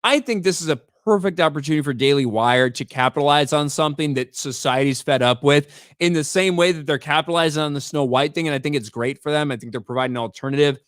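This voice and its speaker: A man's voice: a little high, quick pace, hardly any pauses, fairly bright tone, no room sound, clean studio sound. Blunt, profane male livestream host. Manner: blunt and profane, repeats words when starting sentences; reads chat names and donations aloud. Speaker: host of a live stream. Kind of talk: casual livestream commentary.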